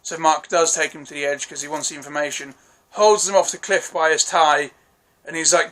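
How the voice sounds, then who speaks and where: A young man talks through a TV episode in a casual solo vlog. His voice sits a little high and sounds bright and tense, and he rambles eagerly with frequent self-corrections and apologies. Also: steady tone, brisk. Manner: enthusiastic, rambling, swears freely. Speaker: TV episode reviewer.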